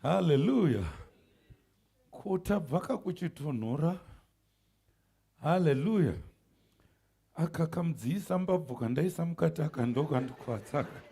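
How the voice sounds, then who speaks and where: A man preaching a sermon, calling out to the congregation, shouting and laughing as he goes. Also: a little high, moderate pace, gravelly, pauses often, slightly rough. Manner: animated preaching with shouts, laughs and call-and-response. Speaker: pastor. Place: church sanctuary.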